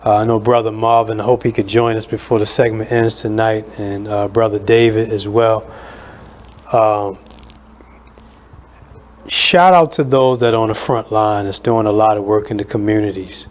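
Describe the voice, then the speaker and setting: A man's voice: lowish voice, steady tone. Earnest male radio show host. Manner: earnest, measured, with many fillers.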